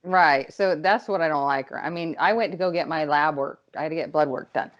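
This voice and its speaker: A woman's voice: low voice, fairly quick. Woman telling a story on a podcast, does the voices, swears a lot, kinda muffled audio. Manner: animated storyteller, acts out quotes, swears freely. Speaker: guest. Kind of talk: casual podcast chat.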